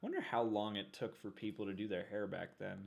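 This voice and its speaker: A man's voice: on the low side, fairly even intonation, fast, vocal fry. A man co-hosting a casual movie watch-along, joking, laughing often and reading the title cards aloud in hammy voices. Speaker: co-host of a movie reaction channel.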